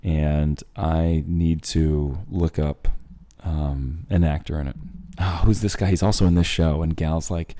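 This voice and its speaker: Podcast co-host, man, very low voice, blunt, profane, playful storyteller. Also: steady tone, measured pace, dark tone. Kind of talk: casual chat.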